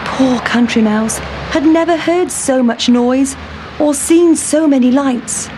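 A woman reads a children's story aloud in a slightly high, unhurried voice. A faint hiss of room noise sits under her narration. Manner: slow, expressive reading aloud.

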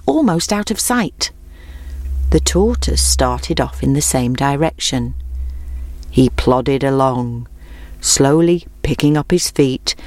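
A woman reads a children's storybook aloud in a clear, measured way. Her voice sits low for a woman. The recording is dry and close. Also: a little mellow, no echo. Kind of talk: storybook narration.

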